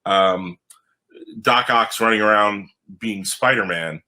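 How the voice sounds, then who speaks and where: A man with a very bright, forceful voice tells his stories in a lively way. He is a comic book writer talking on a podcast, and he jumps up in pitch to act out the people he quotes. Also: slow. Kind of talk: animated storytelling in a podcast interview.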